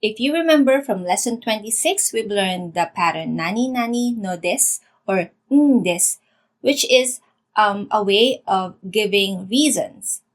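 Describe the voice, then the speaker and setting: Woman language teacher, clear patient delivery, mid pitch, dry close sound. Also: lively intonation, unhurried, no echo. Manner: clear, patient explanation, switching into example sentences. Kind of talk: explaining grammar with examples.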